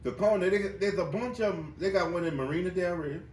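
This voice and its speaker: A man hosting a podcast in a loud, joking way, laughing a lot and swearing freely in casual chat. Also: sits high, quick pace, slight background noise. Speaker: podcast host. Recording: echoey room, mic at a distance.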